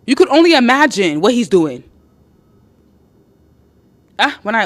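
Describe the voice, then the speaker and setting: A woman's voice: on the high side, big pitch swings, a little slow, long pauses, fairly bright tone. Woman live-streamer, chatty and blunt, swears freely, repeats herself for emphasis. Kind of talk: live-stream chat reading viewer comments.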